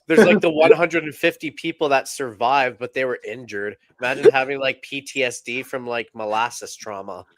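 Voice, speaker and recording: A man co-hosting a comedy podcast, laid-back and dry with deadpan jokes. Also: medium pitch, normal speed, few pauses, no echo. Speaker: podcast co-host. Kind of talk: casual comedy podcast chat.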